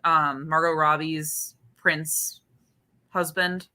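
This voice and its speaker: A woman's voice: low voice, flat delivery, drawn-out words, sharp tone. A woman co-hosting a film podcast, chatting playfully and bluntly, often giggling. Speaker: podcast co-host. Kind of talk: casual chat.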